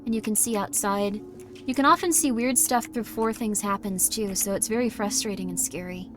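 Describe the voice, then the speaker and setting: Over background music, a woman with a medium-pitched voice streams a horror game live at a moderate pace. She chats and jokes as she plays, occasionally bursting out loudly.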